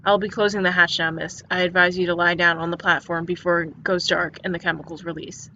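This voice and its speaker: A woman voicing a calm, polite male android caretaker in a quiet, measured, matter-of-fact way, read aloud from a story game. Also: lowish voice, a little hiss or hum. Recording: dull lo-fi recording with faint music.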